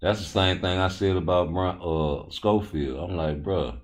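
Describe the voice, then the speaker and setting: Deep-voiced man in casual boxing talk. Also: a little slow. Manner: loose, profane, joking. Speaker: boxing show host.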